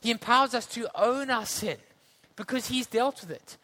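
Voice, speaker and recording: A man from delivers a sermon. His voice sits high and rings bright, and he moves between earnest storytelling and easy conversational asides. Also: normal speed. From South Africa. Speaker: preacher.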